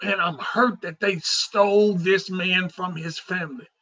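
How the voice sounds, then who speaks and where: A man's voice: sits high, fairly even intonation, measured pace, pushed and bright. A man hosting a casual talk show, speaking in a heartfelt, repetitive, conversational way. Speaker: host. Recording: dull lo-fi sound.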